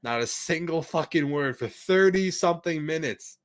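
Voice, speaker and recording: A man's voice: a little high, normal speed, no echo. A young man telling a story in casual podcast chat, rambling, laughing often and swearing a lot. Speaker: podcast guest.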